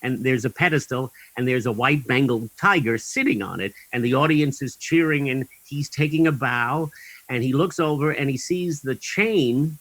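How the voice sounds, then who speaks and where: A man's voice: mid-range voice, moderate pace, a bit bright, dry recording, poor audio. A man guest in an interview, telling long anecdotes in a rambling way with many ums and chuckles.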